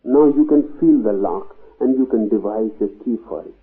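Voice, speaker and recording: Man giving a slow spiritual talk, pauses a lot, punches key words, sounds like an old tinny tape. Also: mid-range voice. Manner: slow and deliberate, long pauses, emphatic rises on key words. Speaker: spiritual teacher.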